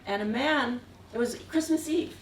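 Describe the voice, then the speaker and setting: A woman's voice: on the high side, moderate pace. A woman telling a rambling story from across an echoey room. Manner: meandering, with frequent chuckles. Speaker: artist giving a talk. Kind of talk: anecdotal storytelling. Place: museum gallery room. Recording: echoey room, distant mic, faint hiss.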